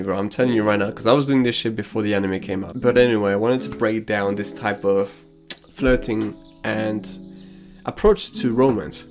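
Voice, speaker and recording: A man's voice: fairly low pitch, steady tone, normal speed, soft background music. A man giving casual, slangy commentary on an anime and telling personal anecdotes. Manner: casual and slangy, drops crude asides.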